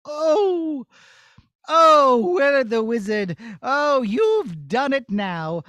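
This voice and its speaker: Puppet-show casting: a high-voiced, bossy young princess who panics easily, with wildly swinging pitch. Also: male voice, very animated, very slow, pushed and bright, no echo, heavily acted. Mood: indignant. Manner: melodramatic, exclaiming, talks to the kids.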